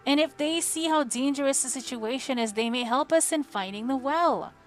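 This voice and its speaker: A woman's voice: mid-range voice, lively intonation, slow pace, a bit bright, faint music behind. A woman voicing a defiant young male mage who argues urgently.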